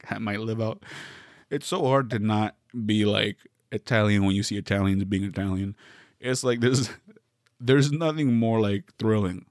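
A man's voice: fairly low pitch, unhurried, a little mellow, no echo, clean studio sound. A man from the West Coast, hosting a solo podcast, riffing through a meandering, wry comedic monologue with many self-interruptions.

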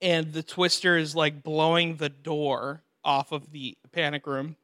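Bright, animated young man hosting a podcast. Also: fairly high pitch, measured pace, no echo, studio quality. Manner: animated storyteller, acts out voices and laughs often. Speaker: podcast host. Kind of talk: casual chat.

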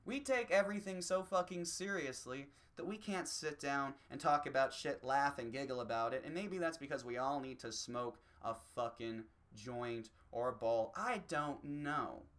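A man delivering a rambling, swear-filled opinion rant, slipping into quick mocking voices. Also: mid-range voice, a bit bright. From United States. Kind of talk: profane opinion rant monologue.

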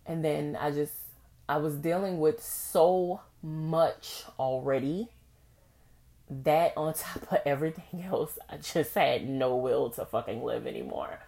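A young woman hosting a podcast, telling a personal story in a candid, profane, animated way with frequent laughs. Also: deep voice, a little slow, vocal fry. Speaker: podcast host.

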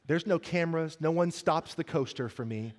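A man's voice: a little high, normal speed. Man preaching a comic sermon in a hall. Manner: storytelling with comic asides, then earnest and soft. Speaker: pastor.

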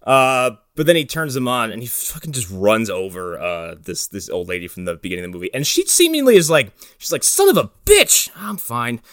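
A man's voice: lowish voice, sing-song, brisk, few pauses, fairly bright tone, dry recording, clean studio sound. A man joking sarcastically about a movie in casual chat, swearing freely. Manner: sarcastic, profane. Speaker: podcast co-host.

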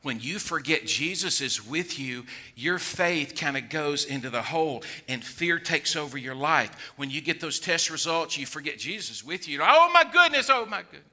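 An older male pastor delivering a lively sermon to a congregation. His voice is bright and pitched a touch high. He acts out anxious voices and sometimes sinks low to make people listen closely. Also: normal speed, hardly any pauses. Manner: animated preaching, acts out worried voices, drops to a low voice.

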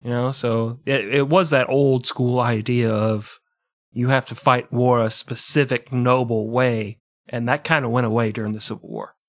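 A man co-hosting a casual history podcast, joking and riffing quickly. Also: mid-range voice, little pitch movement. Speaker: podcast co-host.

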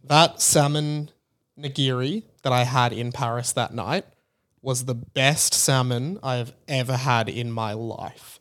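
A man's voice: medium pitch, steady tone, unhurried, fairly bright tone. Rambling man recapping a trip. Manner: rambling, filler-heavy storytelling. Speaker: podcast host. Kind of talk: casual travel recap chat.

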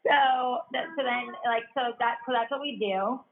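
A woman's voice: a little high, moderate pace. A woman telling a long personal story in a casual chat, peppering her speech with "like" and laughing often. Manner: chatty, heavy use of "like" fillers, laughs often. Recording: tinny phone-like sound.

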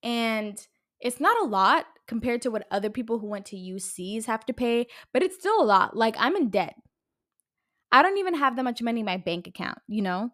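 A woman's voice: fairly high pitch, animated, normal speed, a bit bright. A woman in her twenties, a podcast host, ranting heatedly in casual talk, swearing and using a lot of fillers. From California. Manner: heated, profane, uses lots of fillers. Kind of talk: casual solo podcast rant.

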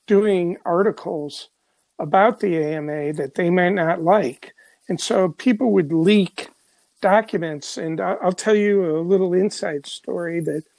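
A man's voice: high voice, creaky, darkish tone, no echo. Rambling older man, dry close sound. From Chicago. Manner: rambling, many fillers and restarts. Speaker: journalist guest. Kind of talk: conversational storytelling.

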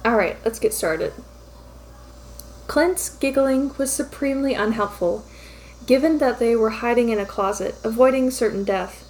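A woman narrating a fan fiction story aloud in a brisk, lightly amused storytelling manner. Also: a little high, darkish tone, slight background noise, rough recording.

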